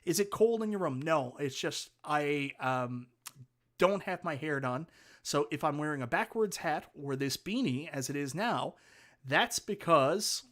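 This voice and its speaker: A man with a Newfoundland accent speaks a little slowly in a slightly high, fairly bright voice with lively intonation. Hosting a casual livestream, he rambles with enthusiasm, reading viewer comments and thanking everyone for them.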